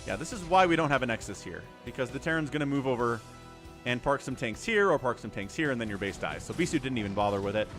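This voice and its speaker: Animated man casting a live game. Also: mid-range voice, fast, soft background music. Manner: animated, chatty, thanks viewers mid-play. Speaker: stream host and game commentator.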